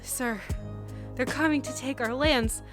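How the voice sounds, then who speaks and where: A woman's voice: high-pitched, a little slow, over music, pitched above the performer's own voice. A woman voicing a panting male messenger in a comedic podcast skit, urgent and dutiful.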